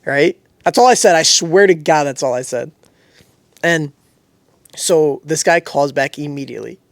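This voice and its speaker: Animated young man telling stories. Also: on the high side, moderate pace, creaky, dry recording. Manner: animated storytelling, laughs often. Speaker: podcast co-host. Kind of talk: casual chat.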